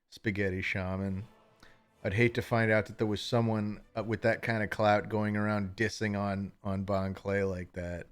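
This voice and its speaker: Low-voiced man chatting on a live stream. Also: smooth. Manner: rambling, self-deprecating, with frequent restarts. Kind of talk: casual live-stream chat.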